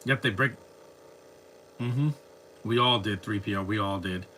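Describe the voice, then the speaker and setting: Here a man with a fairly low pitch speaks a little slowly in a sharp tone, slight background noise behind him. Watching fan films on a live stream, he grumbles, rants, and cracks sarcastic jokes at the screen in casual reaction commentary.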